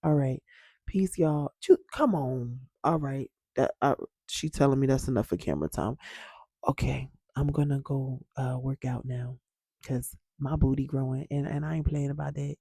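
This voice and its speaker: A woman's voice: very deep voice, normal speed, gravelly, mellow, slightly rough, no echo, clean studio sound. A woman vlogging about healing and personal growth, speaking candidly and emphatically to her viewers and swearing freely. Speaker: wellness vlogger. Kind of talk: casual talk to camera.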